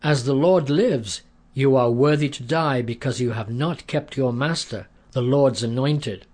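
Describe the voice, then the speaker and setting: A man voicing a brave, forgiving young male hero in a read-aloud story, with a husky voice. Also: medium pitch, expressive, a little slow. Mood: taunting shout. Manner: earnest, calling out loudly across a valley.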